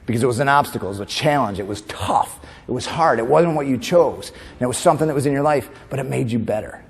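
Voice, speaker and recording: A New York man gives a humorous motivational keynote in a large conference hall, and the recording carries the hall's long reverb. His mid-range voice is expressive, quick and creaky. He talks conversationally and quizzes the audience, tagging lines with "right?"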